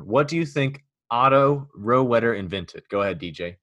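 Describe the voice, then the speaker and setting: A man's voice: medium pitch, animated, normal speed, few pauses, fairly bright tone, dry recording. A man hosting a casual podcast chat, joking and rambling with many restarts. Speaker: podcast host.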